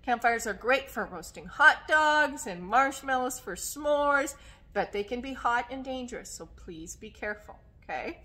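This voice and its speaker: A woman librarian leading a children's story time, singing songs and speaking slowly and animatedly to small children. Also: on the high side. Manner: slow, sing-song and animated for small children; coughs now and then. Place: public library.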